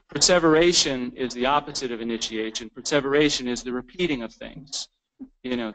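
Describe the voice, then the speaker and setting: A man's voice: medium pitch, fairly bright tone, poor audio. A man presenting a continuing education lecture in a conversational way, often restarting words and acting out the lines of clients and staff. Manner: informal, repeats words, acts out quoted clients.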